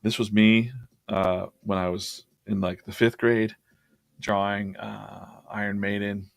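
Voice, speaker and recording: A man's voice: fairly low pitch, little pitch movement, slow, creaky, no room sound. A man hosting a drawing livestream, chatting casually and laughing as he rambles through his past sketches.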